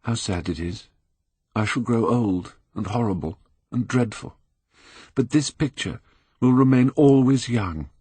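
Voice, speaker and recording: A man's voice: medium pitch, measured pace, warm tone, slightly rough, dry recording, pitched above the performer's own voice. A man voicing an anguished, vain young man who pleads and breaks into despairing outbursts. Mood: mournful.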